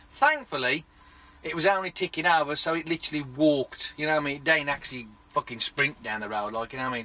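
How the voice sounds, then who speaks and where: A man, telling a sweary, animated story in a casual vlog rant. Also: fairly high pitch, a little fast, a little hiss or hum. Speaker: vlogger.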